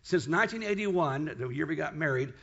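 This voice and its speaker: A man's voice: on the high side, animated, a little fast, vocal fry, fairly bright tone, husky, muffled recording. A man with a South African accent, a pastor introducing a guest speaker in a church service. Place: church sanctuary.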